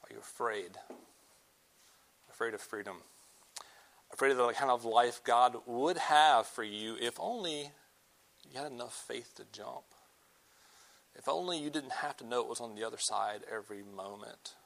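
Young guy preaching to a student group, earnest, gets loud then goes quiet and slow. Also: mid-range voice, creaky. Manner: earnest, swings from loud emphasis to soft, slow pleading. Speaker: campus ministry speaker. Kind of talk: sermon.

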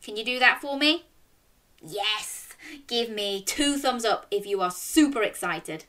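A young woman reading a children's story aloud and running games, speaking directly to young children in an animated way. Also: on the high side, measured pace.

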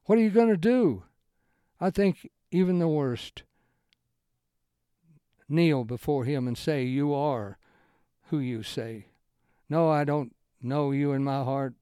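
A man's voice: slow pace, long pauses, warm tone, clear, resonant tone, no room sound, clean studio sound. A man giving an informal Bible study talk, rambling in broken sentences with restarts and rising into emphatic lines. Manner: swings into emphatic raised-pitch lines. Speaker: Bible teacher.

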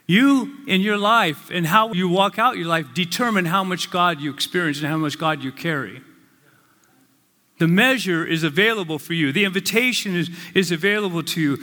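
A male pastor preaching a sermon, with slow, earnest, emphatic phrases. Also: on the high side, expressive, pushed and bright. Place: church sanctuary. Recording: long reverb of a large hall.

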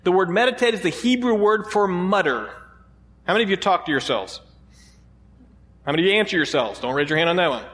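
A man's voice: sits high, animated, quick pace, pauses often, a bit bright, in a large hall. A man preaching a sermon as pastor, conversational, asking the congregation rhetorical questions.

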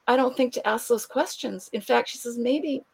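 Lively woman telling stories. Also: on the high side, normal speed, vocal fry, breathy edge. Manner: animated, acts out quoted voices, laughs often. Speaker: author and guest. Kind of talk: conversational storytelling.

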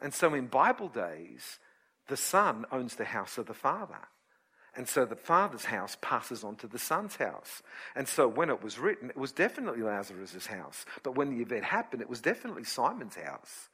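A man preaching a sermon, telling a Bible story with lively acted-out voices and dropping to a quiet, low tone to explain scripture. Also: normal speed, husky.

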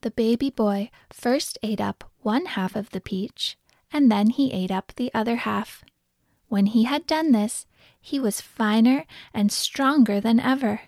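A woman narrating a children's folk tale in a gentle, expressive storybook reading. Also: fairly high pitch, a little slow, no room sound, clean studio sound.

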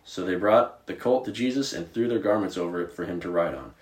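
A man from Virginia co-hosting a podcast, chatting about Bible stories in a casual, animated way with plenty of filler words. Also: on the low side, normal speed, reverberant. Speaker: podcast co-host.

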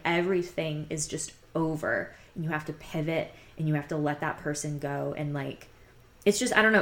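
A young woman casually telling a personal story, rambling and candid, with many fillers. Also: sits low. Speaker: podcast host telling her own story.

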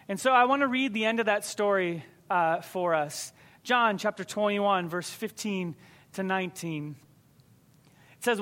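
High-voiced man preaching a sermon. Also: a little slow, a bit bright. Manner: conversational, emphatic preaching.

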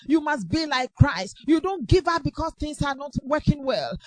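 A woman preaching a sermon with impassioned, repetitive exhortation that rises to shouts. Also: high voice, no echo, low-quality recording.

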